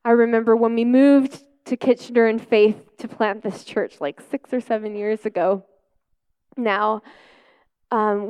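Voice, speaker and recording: A woman pastor preaching a personal testimony, telling stories with lively acted-out quotes and easy laughs. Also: mid-range voice, clear, resonant tone. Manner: animated storytelling, acting out quotes.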